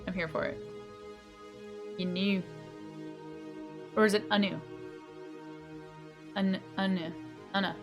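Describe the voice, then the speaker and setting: A woman's voice: mid-range voice, steady tone, takes it slowly, pauses often, music in the background. A woman streamer chatting casually with her live chat, giggly and playful as she reads messages aloud.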